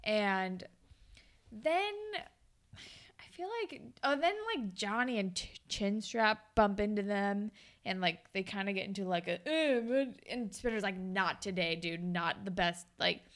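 A woman's voice: medium pitch, lively intonation, unhurried, fairly bright tone. A young woman co-hosting a podcast, chatting casually and retelling TV scenes, acting out the characters' lines as she goes. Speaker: podcast co-host. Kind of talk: casual TV recap chat.

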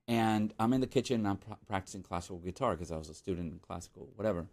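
A man who is a guest composer on a podcast, telling a story in casual chat and acting out the people he quotes. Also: racing. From Miami, United States. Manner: animated, acts out quotes with sudden jumps in pitch.

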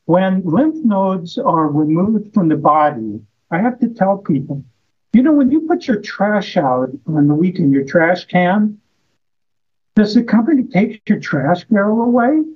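Husky-voiced man, muffled audio. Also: sits high, very animated, measured pace. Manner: storytelling, rhetorical questions. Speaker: guest, health practitioner. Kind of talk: casual conversation.

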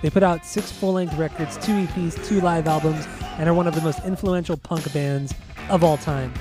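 A young man co-hosting a relaxed conversation, his voice sitting a little higher than most men's. He stumbles over hard names and laughs it off, keeping things easygoing. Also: normal speed, over music. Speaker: podcast co-host. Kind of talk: casual chat.

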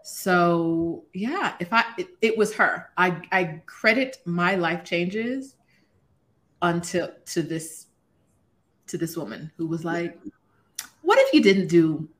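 A woman around forty, a podcast guest, telling a personal story in a casual, animated way and laughing often. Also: fairly low pitch, takes it slowly. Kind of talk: casual conversation.

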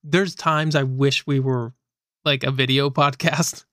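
A man's voice: medium pitch, steady tone, a little slow, a bit bright, no echo. A man co-hosting a podcast, chiming in casually with dry, laid-back reactions. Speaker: podcast co-host.

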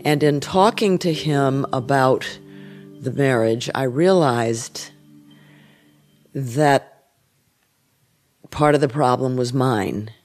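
An older woman speaking as an interview guest, reflective and frank, with soft trailing restarts. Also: extremely low pitch, takes it slowly, long pauses, soft background music. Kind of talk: candid interview conversation.

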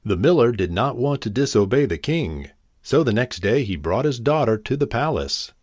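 A man narrating a fairy tale in an expressive, animated reading. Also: medium pitch, moderate pace, no room sound, studio quality. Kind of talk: storybook narration.

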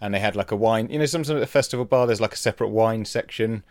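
A man's voice: lowish voice, rapid-fire, darkish tone, no room sound. A man chatting casually as a podcast co-host, with rambling, self-deprecating humor. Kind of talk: casual chat.

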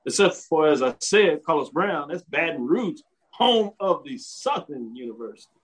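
A man with a slightly raised pitch hosts a sports talk radio show and podcast. He talks in an upbeat, chatty way with quick asides. His voice is recorded on a home studio mic. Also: lively intonation, breathy edge, low-quality recording. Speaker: host.

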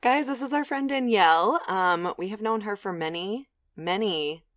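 A woman's voice: mid-range voice, moderate pace, no echo. A young woman co-hosting a podcast in casual chat, chatty with frequent fillers and laughs. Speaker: podcast co-host.

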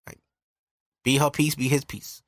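A man's voice: mid-range voice, level tone, unhurried, dry recording, studio quality. Candid, profane young man on a podcast. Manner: candid and profane, earnest advice. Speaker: podcast host. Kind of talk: casual podcast monologue.

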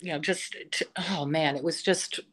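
A woman who teaches voice, chatting as an interview guest and telling stories with enthusiasm, often pausing on fillers. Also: low-pitched, steady tone. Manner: enthusiastic storytelling, full of fillers. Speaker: vocal instructor, interview guest. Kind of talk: casual interview chat.

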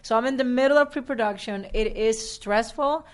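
A woman from Rico, a guest telling an animated story in a casual interview, acting out what people said. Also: a little high. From Puerto Rico. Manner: animated, acts out quoted dialogue, fast bursts. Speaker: actress and guest.

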